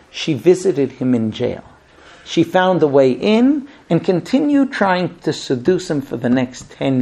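A man giving a Torah lesson as a sermon, telling the story in a lively way and acting out the voices of the people in it. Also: on the high side. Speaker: rabbi teaching Torah.

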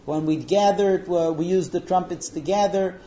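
A man teaching a religious lesson, telling stories in an animated way with fillers. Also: high voice, moderate pace, dull audio. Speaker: Torah teacher.

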